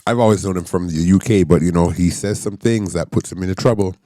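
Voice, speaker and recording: A man hosts a reaction show, talking over clips in a relaxed, conversational way. His voice sits low and mellow with a dark tone. The sound is dry and close. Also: fast, no room sound. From Jamaica. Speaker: reaction channel host. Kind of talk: casual reaction commentary.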